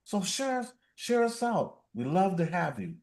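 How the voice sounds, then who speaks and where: Lively high-voiced man. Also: unhurried. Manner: playful, reads viewer comments aloud. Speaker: livestream host. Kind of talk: casual livestream chat.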